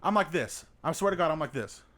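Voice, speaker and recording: A man's voice: a little high, animated, quick pace, background noise. A young man hosting a podcast, telling a rambling, profane story in casual chat, often laughing as he goes. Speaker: podcast host.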